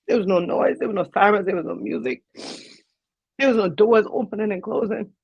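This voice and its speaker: A woman's voice: mid-range voice, fairly quick, vocal fry, slightly rough, no room sound. A woman, a guest on an interview show, earnestly retelling a personal story in vivid detail. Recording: dull lo-fi dry sound.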